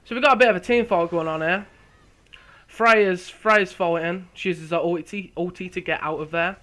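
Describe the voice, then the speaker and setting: Young guy talking through a match, chatty and self-mocking, bright, slightly high voice. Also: moderate pace. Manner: chatty, laughs at himself, restarts words. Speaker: gameplay commentator. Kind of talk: casual game commentary.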